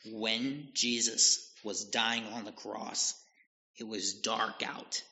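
Slow-speaking male preacher in a reverberant hall. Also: fairly low pitch, steady tone, creaky, bright, forceful tone. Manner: slow, deliberate reading and retelling of scripture. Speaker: pastor. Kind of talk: sermon. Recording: dull lo-fi audio with long hall reverb.

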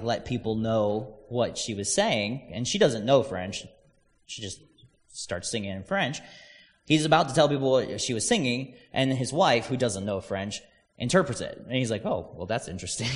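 A man's voice: medium pitch, big-room sound. A man preaching a casual, conversational sermon, telling stories and acting out quoted voices.

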